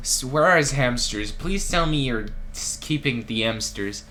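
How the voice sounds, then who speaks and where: A woman's voice: a bass voice, expressive, moderate pace, a bit bright. A young woman streaming a story game, reacting emotionally with lots of swearing and laughter. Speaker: let's play streamer. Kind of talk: casual gameplay commentary.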